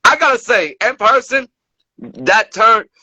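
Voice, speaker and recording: A man's voice: very high voice, very animated, a little slow, pushed and bright, no echo. A man interviewing a hockey player in casual chat, enthusiastic like a fan.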